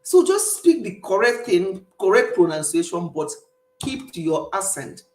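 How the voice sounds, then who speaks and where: A woman's voice: medium pitch, very animated, unhurried. Woman, Nigerian Igbo accent, middle-aged, emphatic casual chat, roomy echo. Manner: chatty, emphatic, laughs often. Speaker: livestream host. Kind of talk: casual chat with live viewers. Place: home in the UK.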